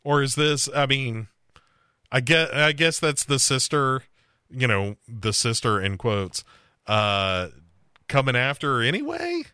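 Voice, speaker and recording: A man's voice: medium pitch, sing-song, a little slow, pushed and bright, clean tone, no room sound, clean studio sound. A man hosting a casual podcast and recapping a TV series, loose and profane, with lots of fillers. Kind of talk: casual chat.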